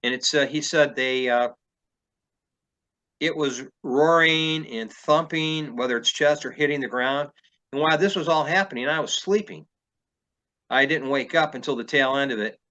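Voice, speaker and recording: A man's voice: on the high side, moderate pace, sharp tone, highs cut off. A man, a field researcher, telling a story in casual conversation, rambling with many fillers and restarts.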